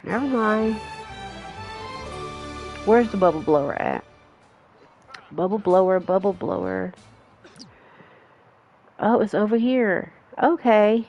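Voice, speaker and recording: A woman's voice: mid-range voice, takes it slowly, gravelly, pauses often, a little mellow, faint music behind. A woman giving casual, rambling commentary as she plays a life simulation game, with frequent restarts and asides to her viewers. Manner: chatty, rambling with restarts and self-corrections. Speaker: gaming vlogger.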